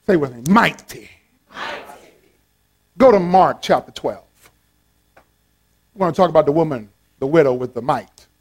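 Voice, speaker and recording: A pastor preaching a playful, animated sermon with call-and-response to his congregation. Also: fairly high pitch, moderate pace, long pauses.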